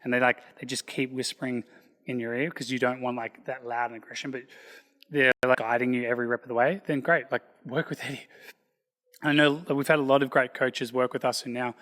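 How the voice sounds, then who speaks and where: A man, a personal trainer and gym founder, talking in a loud, energetic, casual podcast style. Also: medium pitch, a little fast. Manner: loud, energetic, self-described loud guy. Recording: long hall reverb.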